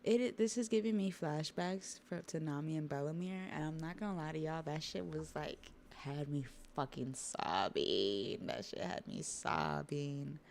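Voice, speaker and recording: Low, gravelly woman streaming casually. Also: unhurried, hardly any pauses, a little mellow, slight background noise. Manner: emotional, swearing, reads panels aloud in voices. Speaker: streamer reading manga live. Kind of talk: casual reaction chat.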